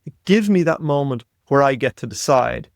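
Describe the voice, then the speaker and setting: A man in his fifties, a podcast guest, telling a story in an animated way and often repeating words as he goes. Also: medium pitch, moderate pace, gravelly, dry recording, studio quality. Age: 50s. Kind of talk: storytelling in conversation.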